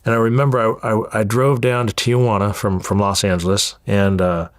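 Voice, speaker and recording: A man's voice: on the low side, level tone, moderate pace, dry recording, studio quality. A man in his forties from Southern California, a guest telling his life story in an interview, with a candid, profane, repetitive way of talking. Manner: candid, profane, repeats words as he goes.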